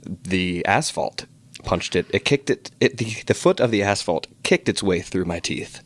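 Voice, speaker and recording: A man's voice: sits low, animated, measured pace. A man from Virginia co-hosting a podcast, chatting casually with playful, teasing questions. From Fairfax, Virginia, USA. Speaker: podcast co-host. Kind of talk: casual chat.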